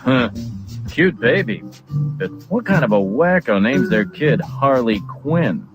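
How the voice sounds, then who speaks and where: A polite, puzzled guard in a cartoon, speaking with lively ups and downs. The sound is dull and lo-fi, with music under him. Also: male voice, medium pitch, takes it slowly. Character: polite adult male museum guard, plain and puzzled. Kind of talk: web cartoon voice acting.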